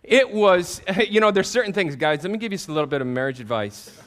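High-voiced and speaking a little fast, a male pastor in his fifties tells animated stories at his own expense during a sermon. The punchlines come out loud.

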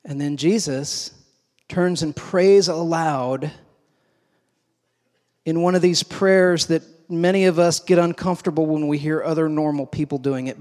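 A man preaching a sermon, moving between hushed, slow passages and emphatic, raised ones. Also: on the high side. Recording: long hall reverb.

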